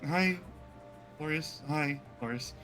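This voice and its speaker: A man's voice: fairly high pitch, fairly bright tone, soft background music, voice pushed up. A man voicing an awkward, flustered young woman adventurer in a tabletop game, stumbling and repeating himself. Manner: halting and repetitive.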